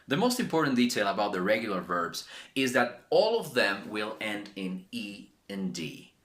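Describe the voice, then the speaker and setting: A man's voice: on the low side, sing-song, normal speed, a bit bright. A man teaching an English pronunciation lesson, enthusiastic and emphatic, repeating words for learners. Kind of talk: language lesson.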